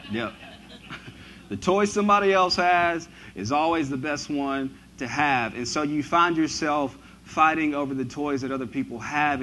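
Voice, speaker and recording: A man preaching a sermon, reading scripture and then riffing on it, his voice swinging from loud to hushed. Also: on the high side, slight background noise. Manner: animated, swinging from loud to hushed, asks the congregation questions; reads scripture aloud then riffs on it. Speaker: pastor.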